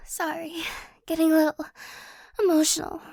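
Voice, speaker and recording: A woman performs a remorseful young ex-girlfriend in an ASMR role-play. Her voice sits very high and moves slowly, with halting pauses and nervous little laughs. The sound is dry and close. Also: flat delivery, vocal fry, darkish tone, no echo, full character voice. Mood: apologetic.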